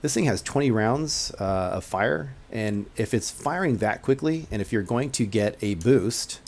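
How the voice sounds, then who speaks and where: A man's voice: on the low side, animated, a little slow, a little mellow. A man hosting his own game channel, giving gameplay commentary as he thinks aloud, hedging often and explaining mechanics to newcomers. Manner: musing, thinking aloud with frequent hedges.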